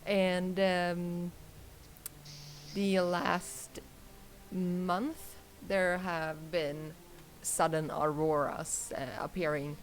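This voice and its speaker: A woman hosting a tabletop game stream as game master, talking slowly and hesitantly and laughing often. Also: fairly low pitch, flat delivery, slight background noise. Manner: slow, hesitant, giggly. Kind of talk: casual tabletop game narration.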